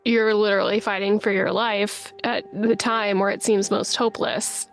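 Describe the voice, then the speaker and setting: Female podcast host with a creaky, gravelly voice, gently reflective interviewer; light music bed. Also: medium pitch, level tone, moderate pace. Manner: gentle, affirming listener.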